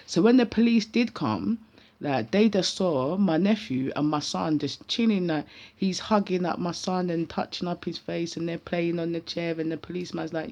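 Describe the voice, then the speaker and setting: A woman with a British accent full of London street slang, telling a personal story in an animated, casual vlog. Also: lowish voice, normal speed, lo-fi sound.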